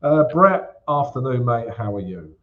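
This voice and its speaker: A man's voice: mid-range voice, big pitch swings, a little slow. Chatty man hosting a trading stream, lo-fi. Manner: chatty, keeps calling the audience "guys", many fillers. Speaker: forex trading live-stream host. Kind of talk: casual live-stream chat and chart walkthrough.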